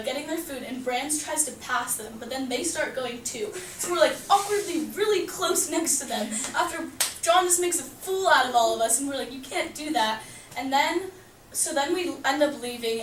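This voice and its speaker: Teen girl, animated storyteller, high voice, recorded from a distance in an echoey room, some background noise. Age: teens. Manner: animated, laughing, heavy use of "like". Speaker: student storyteller. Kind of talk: casual personal story told to a group.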